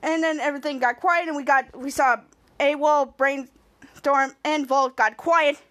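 A woman's voice: high voice, steady tone, moderate pace, fairly bright tone. A woman podcast host casually recapping a TV episode scene by scene, quoting the characters as she goes.

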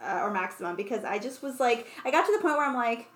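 A young mother with a fairly high voice chats with her co-hosts and laughs through her stories. The room is echoey. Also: expressive, fast, a little hiss or hum. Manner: chatty, laughs often while telling stories. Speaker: podcast co-host. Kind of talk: casual chat.

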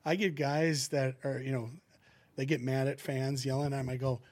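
A middle-aged man, a former hockey goalie, telling lively stories in a casual chat and acting out what people said. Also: medium pitch, moderate pace. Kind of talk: casual storytelling in a podcast chat.

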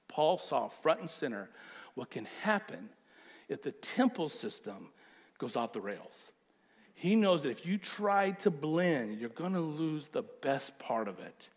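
Animated male preacher with a higher voice. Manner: animated, emphatic preaching that acts out quotes. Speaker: pastor. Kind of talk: sermon.

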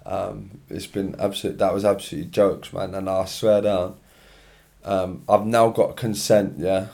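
Yawning and worn out, a young man rambles slangily through his solo podcast from his room, speaking into his own podcast mic. He has a low, gravelly, warm voice, delivered flatly at a moderate pace.

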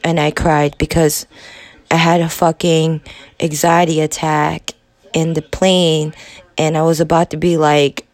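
A young woman in her twenties hosts a podcast, telling a personal story in a halting, profane confessional monologue. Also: sits low, flat delivery, dry recording. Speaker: podcast host.

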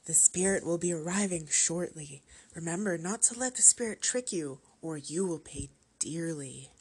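A woman voicing a theatrical teen girl who channels a spirit in a raspy whisper, as whispered role-play in a read-aloud story. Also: sits low, normal speed, darkish tone, heavily acted. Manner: theatrical, shrieking.

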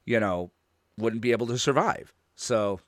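A man's voice: medium pitch, normal speed, fairly bright tone, dry recording, clean studio sound. A man hosting a casual podcast, talking in a rambling way and restarting his sentences often. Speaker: podcast host.

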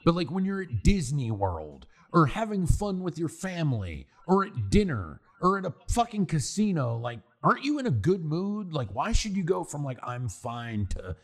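A man co-hosting a podcast in casual banter, animated and profane, full of "dude" and "like". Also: on the high side, normal speed, few pauses. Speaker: podcast co-host.

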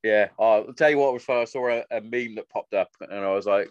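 Sweary bloke, dull dry sound. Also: male voice, on the low side, fast, hardly any pauses, no echo. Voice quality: sweary, animated storytelling. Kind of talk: casual chat.

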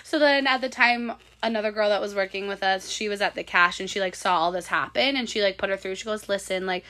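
A woman's voice: medium pitch, fast, few pauses, bright, forceful tone. A young woman, hosting a podcast and telling stories in casual chat, acting out the quotes. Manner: chatty storyteller, acts out quotes, laughs often. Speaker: podcast host.

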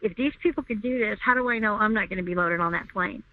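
A woman's voice: quick pace, no echo. A woman recounting a personal story as an interview guest, speaking emphatically and repeating herself as she goes. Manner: emphatic, repeats herself, rising pitch when upset. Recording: tinny phone line, dry.

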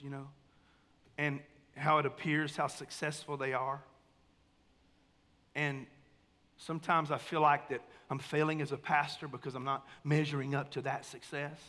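High, bright-voiced preaching pastor. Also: male voice. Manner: conversational, calls for amens, swings between quiet and emphatic. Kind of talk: sermon. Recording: long hall reverb.

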